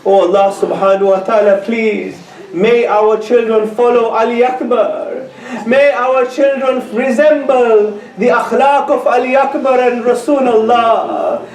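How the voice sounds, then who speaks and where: High, slow, lamenting male preacher. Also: darkish tone. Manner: slow, drawn-out, lamenting delivery with emotional swells. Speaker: speaker giving a Muharram mourning sermon. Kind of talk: sermon narrating with grief. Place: mosque or community center hall. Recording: echoey room heard from a distance.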